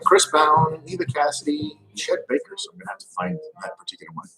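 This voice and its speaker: A man's voice: fairly high pitch, wildly swooping pitch, quick pace, sharp tone, roomy sound, faint music behind. A middle-aged man casually telling rambling stories at home, profane and loose, laughing at his own jokes. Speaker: live streamer.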